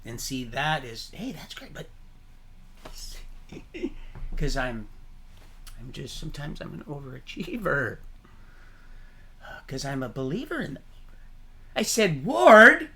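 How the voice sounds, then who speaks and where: Gravelly bright-voiced guy on a livestream, preachy and rambling, laughs at his own jokes. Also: medium pitch, measured pace, long pauses, a little hiss or hum. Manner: animated, preachy, jumps between topics. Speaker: livestream host.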